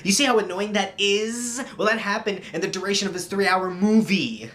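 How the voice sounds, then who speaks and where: A man's voice: high-pitched, fairly quick, fairly bright tone, slight background noise. A man narrating a comedic movie review in an exasperated, sarcastic tone.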